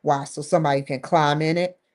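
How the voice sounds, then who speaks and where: A woman's voice: sits low, steady tone, brisk, a little mellow. A woman talking to the camera in a rambling, candid vlog monologue, swearing freely and leaning hard on stressed words. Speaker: vlogger.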